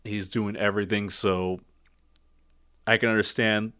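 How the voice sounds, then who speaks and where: A man's voice: lowish voice, flat delivery, measured pace, pushed and bright, no room sound, clean studio sound. A man giving a casual spoken film review. He rambles, second-guesses himself and uses lots of fillers. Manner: rambling, self-doubting, many fillers.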